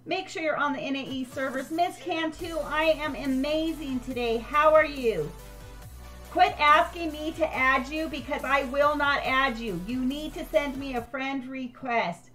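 A woman's voice: high voice, a little slow, sharp tone, faint music behind. An older woman live-streaming a game, chatting with viewers and thanking them by name.

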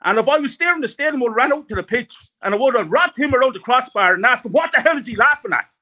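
Fuming middle-aged guy ranting about his club, high bright voice, keeps repeating himself. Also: expressive, very fast. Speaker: guest fan. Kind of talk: heated fan rant.

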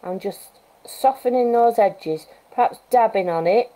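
A woman wildlife artist giving a live painting demonstration, chatting and thinking aloud as she works, with gentle coaching asides. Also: on the high side, a little slow, low-quality recording. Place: art studio at home, live stream.

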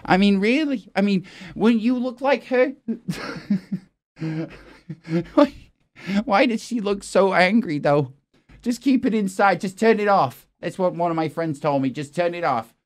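A man's voice: sits high, animated, unhurried, pauses often. A man hosting a mock news show, improvising in a profane, exasperated, rambling way. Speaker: comedy news anchor. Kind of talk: improvised comic news parody.

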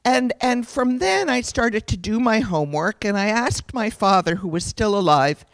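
A woman's voice: medium pitch, lively intonation, normal speed, dry recording. Earnest middle-aged woman telling family history. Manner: earnest, reflective storytelling with self-corrections. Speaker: guest speaker. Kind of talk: personal testimony lecture.

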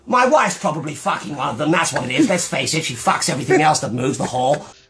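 A man's voice: fairly high pitch, animated, fast, a bit bright, faint music behind, pitched below the performer's own voice. A man putting on a stressed, sweary gent plagued by pigeons, ranting in improvised comedy over voice chat. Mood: exasperated rant.

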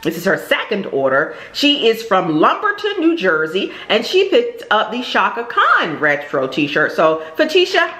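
A middle-aged woman, a shop owner who vlogs, chats casually and out of breath in a haul video, thanking her customers and describing clothes with lots of ums and repeated words. Her mid-range voice swings hugely in pitch and has a fairly bright tone. She talks a little slowly with few pauses, picked up by a nearby camera or phone in an echoey room.

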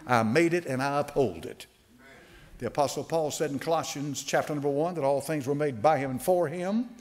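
A man preaching a sermon to a congregation. He slows right down to stress quoted scripture and often restarts his sentences with fillers. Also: on the high side. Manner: emphatic preaching with slow drawn-out quotes. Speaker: pastor.

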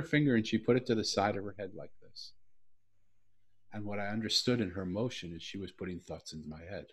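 A man's voice: on the low side, a little fast, breathy edge. A middle-aged man hosting a podcast interview, talking in an earnest, reflective way and telling a personal story. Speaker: podcast host. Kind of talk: heartfelt interview talk.

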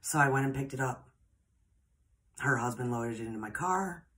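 A woman's voice: a bass voice, lively intonation, moderate pace, a bit bright. A woman, a spiritual podcaster telling personal stories in a chatty, rambling, earnest way. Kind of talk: personal storytelling.

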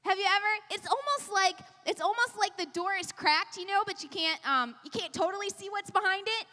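A woman pastor preaches to a large church crowd with a very high, bright, forceful voice. Her delivery builds through rhythmic repetition. The sound carries a long hall reverb. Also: brisk. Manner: impassioned, repetitive preaching cadence. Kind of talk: sermon.

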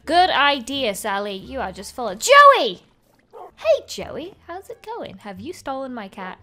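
Bright, bubbly young woman gamer. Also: high-pitched, huge pitch swings, a little slow. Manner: bubbly, playful. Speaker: gaming video host. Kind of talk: gameplay commentary.

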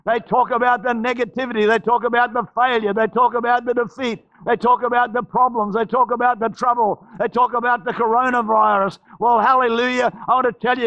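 A man preaching a charismatic church sermon, fervently shouting praises and repeating phrases. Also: very high voice, little pitch movement, fairly quick, hardly any pauses, highs cut off. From Australia. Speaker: pastor. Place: church service.

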